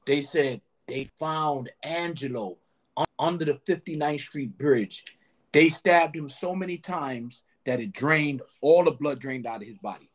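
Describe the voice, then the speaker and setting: A man who used to work as a nightclub bouncer, telling an animated story in a podcast interview and often adding "man". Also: fairly high pitch, measured pace.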